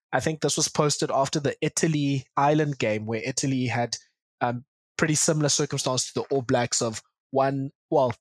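A man's voice: medium pitch, no echo. A man hosting a rugby podcast in a casual way, steering the talk and listing match statistics. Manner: steers the talk, lists stats. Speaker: podcast host.

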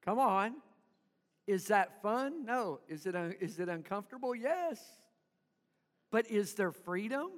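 A man's voice: high-pitched, lively intonation, normal speed, fairly bright tone, in a large hall. A man preaching a sermon to his congregation in church, calling for responses and having them repeat after him. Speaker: pastor.

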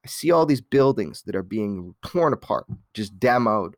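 An interview guest from Los Angeles recounts his life story candidly and animatedly, restarting often and swearing casually. His voice sits on the low side at a normal speed, captured in clean, echo-free studio sound.

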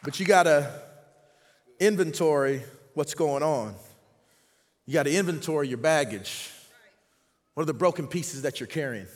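A man in his forties preaching a sermon in a casual, repetitive way, swinging between loud outbursts and quiet passages. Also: fairly high pitch, moderate pace, long pauses, big-room sound. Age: 40s. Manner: conversational, repetitive, dynamic shifts from loud to quiet. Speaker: pastor. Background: faint band music.

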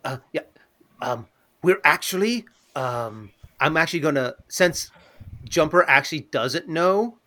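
A man's voice: a little high, animated, a little slow, bright, forceful tone. A man playing a tabletop game, explaining his moves in a rambling way with many fillers. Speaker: player. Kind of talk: casual tabletop game play.

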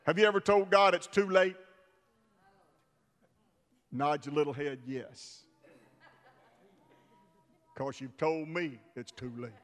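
High bright-voiced preacher guy, fired up, goes quiet then yells, long church echo. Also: slow, pauses often. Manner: fervent, swings from hushed to shouting. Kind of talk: sermon. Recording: long hall reverb of a church.

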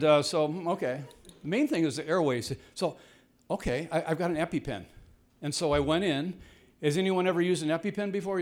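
Man rambling through a funny personal story. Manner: rambling, self-deprecating, rising to high-pitched exclaims in the tense moments. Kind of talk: personal story told to a live audience. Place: jungle home on a tropical mountain.

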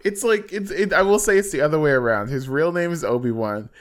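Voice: mid-range voice, fairly quick, crowd noise. A podcast co-host in casual chat, teasing and laughing while dodging spoilers.

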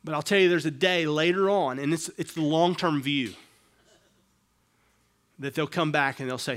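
A middle-aged man delivers a sermon as pastor, his voice sitting a touch high. He drops to quiet, low asides and then climbs into raised, emphatic stretches, talking straight to the congregation. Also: normal speed, pauses often. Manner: dynamic, swings between hushed and raised emphasis.

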